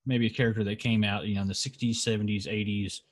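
Low-voiced man rambling about comics. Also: flat delivery, quick pace. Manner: rambling, lots of fillers and restarts. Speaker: podcast co-host. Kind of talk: casual chat about comics.

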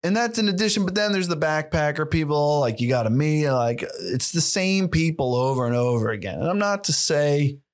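A man's voice: fairly high pitch, expressive, normal speed, hardly any pauses. A man hosting a solo podcast who rants in a rambling, profane and sarcastic way. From United States. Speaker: podcast host. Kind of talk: casual solo rant.

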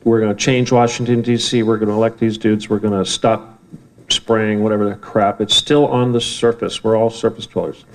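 A man's voice: mid-range voice, darkish tone, rough recording. A man giving a rambling, heated talk to a live audience in an event room, often swearing and bantering with the crowd.

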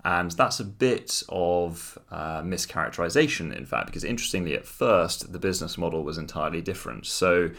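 A man's voice: sits low, fairly bright tone. A man co-hosting a casual chat show, narrating a story with wry, mock-dramatic asides. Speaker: podcast co-host.

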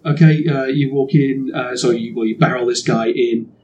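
A man's voice: mid-range voice, steady tone, normal speed, darkish tone, slight background noise. Hesitant man running a tabletop game. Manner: rambling, hesitant, laughs often. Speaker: game master.

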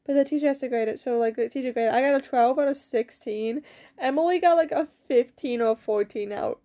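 A woman's voice: sits high, fairly quick, mellow. A teenage girl chatting casually to camera, rambling and swearing, with giggles and a numb mouth from dental work. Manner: rambling, profane, giggly storytelling. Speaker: vlogger. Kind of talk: casual chat.

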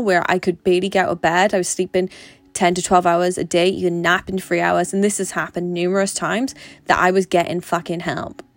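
On a dry recording, a young British woman with a lowish voice delivers a casual vlog monologue. She's chatty and frank, swearing freely as she talks.

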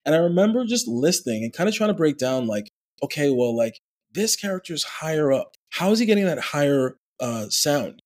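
A man, a voice actor, talking as a guest in a conversational interview, explaining with lively, demonstrative energy. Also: a little high, brisk.

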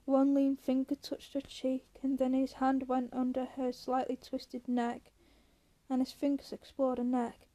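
A woman reads a novel aloud at an even, steady pace. Her voice sits high yet sounds soft and mellow. Small slips come up now and then, and she corrects them herself. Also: measured pace. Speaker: audiobook reader.

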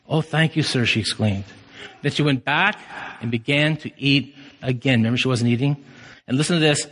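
Male pastor, passionate sermon delivery, sharp bright tone, church reverb. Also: fairly high pitch. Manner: passionate preaching, surges to shouts. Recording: long hall reverb.

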